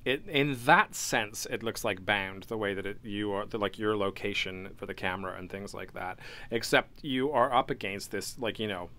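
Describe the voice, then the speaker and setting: A man's voice: fairly low pitch, bright, forceful tone. A man co-hosting a casual gaming news podcast, talking in loose rambling sentences full of fillers and restarts. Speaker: podcast co-host. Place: home basement studio.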